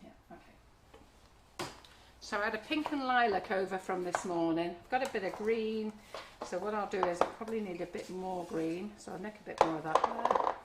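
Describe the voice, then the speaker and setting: A woman's voice: medium pitch, moderate pace, very noisy. A middle-aged woman, chatting as she demonstrates cake decorating in a live kitchen class. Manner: chatty, friendly, talks while working. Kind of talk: live online class demo. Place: home kitchen.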